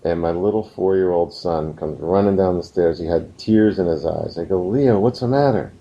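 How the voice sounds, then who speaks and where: A very low, gravelly male voice delivers a recorded course lesson in an earnest, storytelling way. He slows down to land his points. The sound is a little dull and muffled. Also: steady tone, mellow. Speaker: business course instructor.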